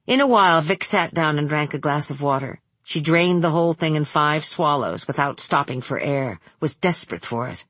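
Low, husky woman narrating an audiobook. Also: no echo. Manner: measured, steady. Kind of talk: scripted narration.

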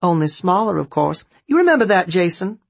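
A man voicing an excitable, teasing elderly grandmother in an audiobook, with a husky, high-pitched voice. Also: a little fast, no room sound, heavily acted. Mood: excited.

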